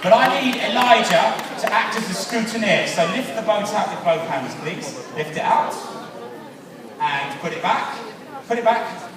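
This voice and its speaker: High-voiced English man on a hall stage. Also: animated, unhurried. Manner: playful, teasing, theatrical. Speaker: science show presenter. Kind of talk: live stage science demonstration. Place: large hall stage before an audience. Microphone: handheld microphone. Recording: echoey hall from far off, crowd. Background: audience murmur.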